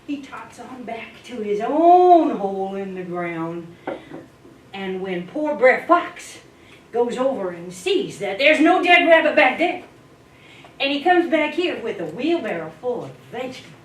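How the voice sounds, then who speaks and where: A woman at a speaking club telling a folk tale in a dramatic, playful way, swooping in pitch and volume. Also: sing-song, measured pace. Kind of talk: animated folk-tale storytelling. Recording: echoey room, distant mic, faint hiss.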